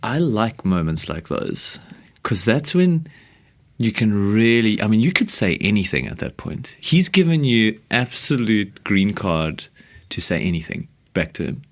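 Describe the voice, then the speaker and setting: Lively man co-hosting a casual chat. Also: fairly low pitch, unhurried. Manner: eager listener, laughs often, prods for more. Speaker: podcast co-host.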